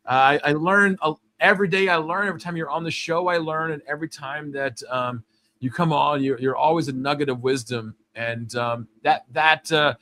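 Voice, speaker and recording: A man's voice: medium pitch, sharp tone. A man hosting a live show, talking casually and rambling, with many repeated words. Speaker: host.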